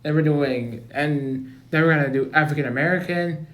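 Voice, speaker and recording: A man's voice: on the high side, moderate pace. A young man hosting a casual comedy chat, hesitant and repeating himself often. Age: young adult. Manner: hesitant, many fillers and restarts. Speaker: host. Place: library room. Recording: echoey room.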